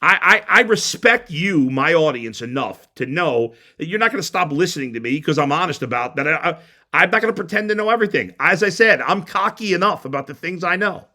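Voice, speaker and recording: A man's voice: a little high, animated, brisk, pushed and bright. A man hosting a sports talk show, ranting bluntly and heatedly with frequent stumbling restarts. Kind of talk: opinionated sports radio rant.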